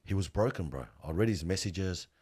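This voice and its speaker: Deep husky aussie guy, middle-aged, keeps saying bro, real earnest storyteller. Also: fairly quick. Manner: earnest, animated storytelling, calls the listener bro. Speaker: funeral worker. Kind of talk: casual interview talk.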